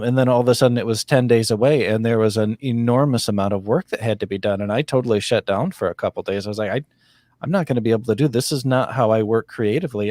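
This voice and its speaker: A man co-hosting a casual video-call chat, rambling and joking, with slow emphatic stretches. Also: mid-range voice, a little mellow, no room sound. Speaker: co-host.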